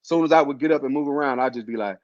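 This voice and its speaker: A man's voice: medium pitch, very fast. Laid-back slangy man, dull lo-fi sound. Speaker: host telling his illness story. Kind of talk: casual storytelling chat.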